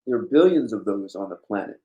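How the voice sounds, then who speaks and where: A man's voice: lowish voice, animated, brisk, warm tone, highs cut off. A man hosting a blunt, emphatic monologue in a casual, lecturing way. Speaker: host. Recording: roomy echo.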